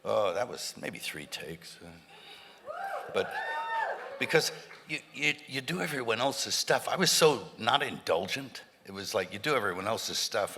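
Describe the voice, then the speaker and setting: A man's voice: on the low side, pushed and bright. A man guest telling rambling anecdotes on stage in front of a live audience, with many restarts and bursts of laughter. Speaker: interview guest. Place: large hall with a live audience. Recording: stage hall with reverb, faint noise.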